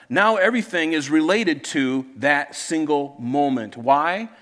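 A male pastor reading scripture aloud and preaching a sermon, earnest and emphatic, slowing down to stress key phrases. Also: mid-range voice, fairly bright tone. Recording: reverberant church hall.

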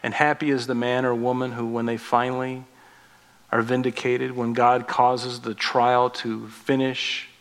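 A man in his forties preaching a sermon as pastor, rising in force on scripture and dropping soft on tender points. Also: medium pitch, level tone, unhurried. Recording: long reverb of a large hall.

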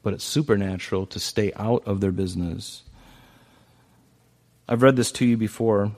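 A male pastor giving a sermon in a conversational way. He swings between loud, emphatic lines and soft, hushed passages, and often repeats phrases. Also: lowish voice, normal speed.

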